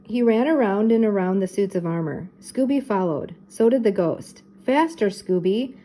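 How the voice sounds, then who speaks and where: An older woman, a teacher, reading a children's mystery book aloud with steady, expressive narration. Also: medium pitch, normal speed, low-quality recording.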